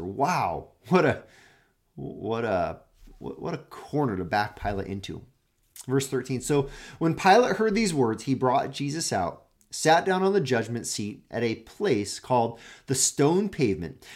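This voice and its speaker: Male pastor, mid-pitched voice, earnest devotional teaching with dramatic scripture reading that swings from loud to hushed. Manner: earnest, repeats words while searching for phrasing. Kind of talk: daily devotional Bible teaching.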